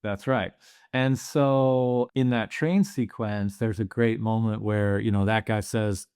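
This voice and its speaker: A man's voice: fairly low pitch, fairly even intonation, takes it slowly, a little mellow, clean tone, dry recording, clean studio sound. A man co-hosting a movie podcast, talking earnestly and thinking aloud with plenty of fillers. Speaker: podcast co-host. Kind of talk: casual movie discussion.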